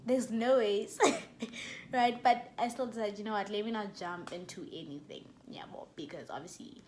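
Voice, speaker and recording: A young South African woman with a South African accent, telling a story in a chatty, animated vlog and dropping local words into her talk. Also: mid-range voice, a little hiss or hum. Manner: chatty and animated, with laughs and code-switching. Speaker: YouTuber.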